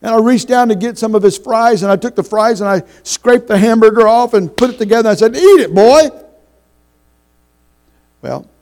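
A middle-aged man preaching a sermon, telling folksy stories with halting restarts. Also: high-pitched, steady tone, darkish tone, poor audio. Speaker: pastor.

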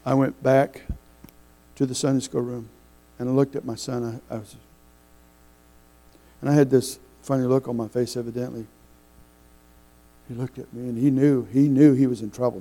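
A middle-aged man preaching a sermon, telling folksy stories with halting restarts. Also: mid-range voice, fairly even intonation, warm tone, poor audio. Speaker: pastor.

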